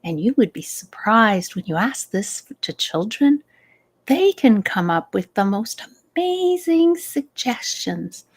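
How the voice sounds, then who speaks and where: A middle-aged woman speaking as a stress management coach in a live advice talk, gentle and unhurried with easy laughs. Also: fairly high pitch, very animated.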